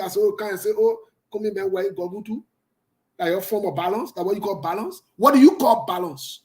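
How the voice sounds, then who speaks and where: Defiant high-voiced radio host. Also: male voice, rough recording. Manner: defiant and passionate, repeats points for emphasis. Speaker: radio talk show host. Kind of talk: opinionated radio commentary.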